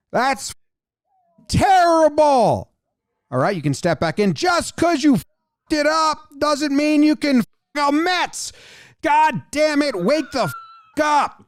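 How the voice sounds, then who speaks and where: A man voicing a furious middle-aged male baseball manager in a comedy impression, shouting and cursing through a rant. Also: very high voice, no echo, studio quality, heavily acted. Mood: mocking. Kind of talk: comedy impression with voiced lip-reading.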